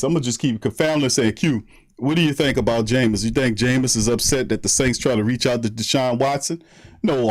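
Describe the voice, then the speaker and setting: Slangy New man hosting a livestream. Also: mid-range voice. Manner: shouts out viewers by name, slangy and laughing. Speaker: sports podcast host. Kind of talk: casual livestream chat.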